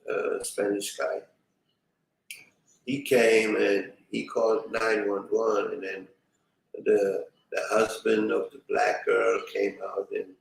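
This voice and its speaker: Male streamer, slow rambling delivery, heard from off-mic in a very echoey room. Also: on the low side, gravelly, fairly bright tone, recorded from a distance. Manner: rambling, fills with "you know". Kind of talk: casual storytelling to viewers.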